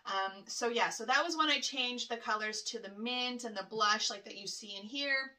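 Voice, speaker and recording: A woman's voice: a little high, moderate pace, pushed and bright, far from the mic. A woman in her thirties, a nail technician, chatting casually to camera from her home nail studio, rambling with lots of fillers and laughs. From Canada.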